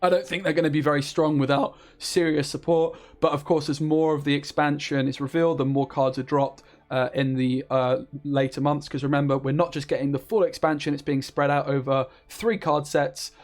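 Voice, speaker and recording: A man's voice: fairly high pitch, steady tone, a little fast, few pauses. A man giving a chatty, enthusiastic card-game review as the channel's content creator, with frequent fillers. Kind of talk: casual card review commentary.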